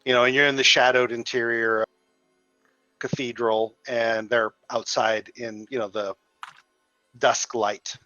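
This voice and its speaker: A man's voice: mid-range voice, level tone, a little slow, pauses often, bright, forceful tone, dry recording, soft background music. A man narrating a tabletop game as dungeon master in a loose, meandering way. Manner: loose, meandering, full of fillers. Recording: dull lo-fi dry sound.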